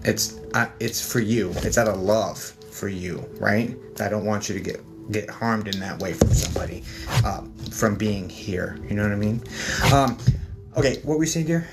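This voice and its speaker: A man giving a psychic medium reading on a livestream, talking gently and reassuringly straight to his viewers. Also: lowish voice, moderate pace. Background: background music.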